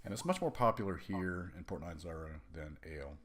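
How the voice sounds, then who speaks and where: A man running a tabletop game as game master, explaining rules in a relaxed way with many fillers. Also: sits low, brisk.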